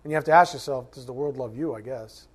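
A man preaching a sermon as pastor, conversational and self-mocking, animated and joking, sometimes shouting. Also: medium pitch, fast, breathy edge.

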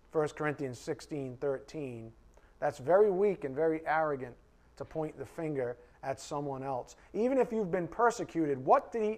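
Emphatic male preacher, fairly high voice. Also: a little mellow. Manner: emphatic and direct, addressing the congregation. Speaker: preacher teaching a Bible class. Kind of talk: conversational sermon.

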